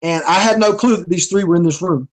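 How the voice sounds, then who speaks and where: A man in his forties from North Carolina speaks with a fairly high-pitched voice. He tells his story in relaxed, casual chat as an interview guest, stammering and doubling back on words as he gets going. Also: fast talker, poor audio. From North Carolina, USA. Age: 40s. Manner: stammering, repeats words when excited. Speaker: guest, professional wrestler.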